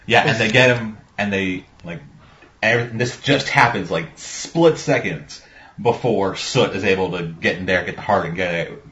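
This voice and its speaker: A man's voice: deep voice, normal speed, a bit bright. A man chatting casually about a movie, rambling, swearing often and acting out lines from scenes. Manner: rambling, swears a lot, acts out quotes. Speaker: podcast co-host. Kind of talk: casual movie review chat. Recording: dull lo-fi sound.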